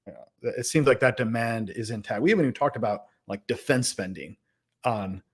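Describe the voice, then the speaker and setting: A man at a mid pitch hosts a laid-back interview. He makes confident points and keeps the talk moving with short remarks of agreement. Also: fairly quick, husky. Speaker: podcast host.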